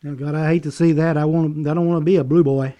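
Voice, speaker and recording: A woman's voice: low-pitched, fairly even intonation, quick pace, mellow, close to an everyday voice. A woman voicing an agreeable, laid-back man with a Southern accent who gives short replies. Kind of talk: comic character chat.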